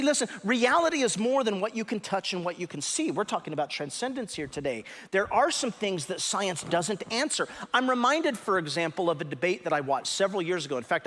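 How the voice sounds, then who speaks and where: A man preaching a sermon as pastor, emphatic and animated, stressing words sharply and teaching his congregation. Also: high voice, long reverb tail. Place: church sanctuary.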